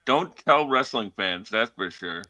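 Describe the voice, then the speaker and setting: Slow, bright-voiced man on a wrestling podcast. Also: lowish voice, expressive. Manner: laid-back, hesitant with many fillers, laughs easily. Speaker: podcast co-host. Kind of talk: casual wrestling chat.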